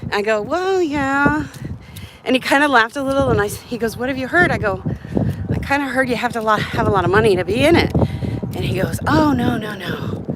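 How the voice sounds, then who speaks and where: A live-streamer out on a hot city street chats breathlessly through a story, playing the parts of the other people in it. She speaks fairly quickly in an animated, high-pitched voice, and the audio is very noisy.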